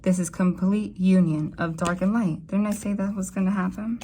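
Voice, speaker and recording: A young adult woman giving a casual tarot reading to camera, rambling and emotional, with sudden excited jumps in her voice. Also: medium pitch, moderate pace, a little hiss or hum. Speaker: tarot reader.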